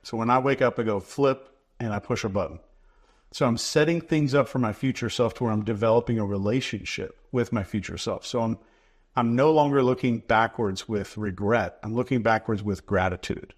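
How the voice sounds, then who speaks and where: A man, a guest in an interview, explaining ideas in a measured, instructive way and repeating key phrases for emphasis. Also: mid-range voice. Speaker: behavior expert guest.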